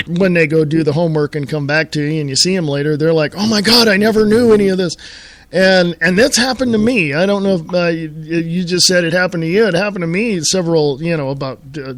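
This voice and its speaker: High-voiced chatty male guest. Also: quick pace, hardly any pauses, no room sound. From lived in California. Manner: laughs often, chatty storytelling. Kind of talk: casual radio talk.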